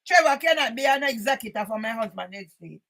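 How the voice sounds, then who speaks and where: An older woman with a high-pitched voice reads documents aloud to her channel. She cuts in with indignant comments and often bursts into shouting. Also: lively intonation, fast talker, rough recording. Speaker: channel host.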